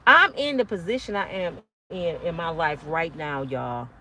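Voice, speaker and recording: A woman in her fifties giving a blunt, profane, preachy monologue to camera, yelling at times. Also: on the low side, sing-song, moderate pace, a little hiss or hum. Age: 50s. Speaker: motivational vlogger.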